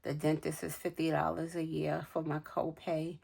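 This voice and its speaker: A woman's voice: low voice, monotone, moderate pace, vocal fry, a little mellow, slightly rough. Woman vlogger, 40s, chatty, counting cash, storytelling, from new york city. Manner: chatty, storytelling, counts money aloud, laughs often. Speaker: budgeting vlogger. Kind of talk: casual chat while cash stuffing.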